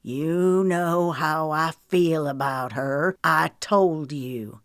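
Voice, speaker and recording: A woman voicing a menacing older sheriff who speaks softly and maliciously, in an audiobook reading. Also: deep voice, slow pace, no room sound, clean studio sound. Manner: snarling, malicious.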